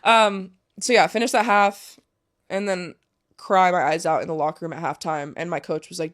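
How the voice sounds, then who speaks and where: A woman's voice: lowish voice, fairly even intonation, normal speed. A young woman, a professional soccer player, candidly telling a story in a casual interview, swearing freely and saying "like" a lot.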